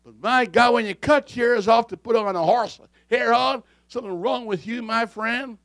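Fiery high-voiced male preacher. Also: moderate pace, no room sound. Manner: fiery, swings from low asides to shouting. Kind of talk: sermon.

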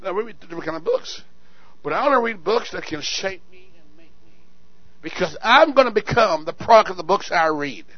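A male pastor preaching to his church, swinging from quiet asides to shouted exhortations and repeating words for emphasis. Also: high-pitched, animated, fairly quick, no echo, muffled recording. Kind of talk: sermon. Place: church sanctuary.

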